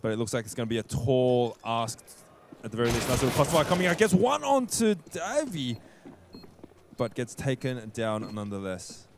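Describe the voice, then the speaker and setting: A chatty male co-caster adds color commentary to an esports match, and his voice swings widely up and down in pitch. He laughs easily, and a faint background noise sits under the recording. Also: sing-song, normal speed.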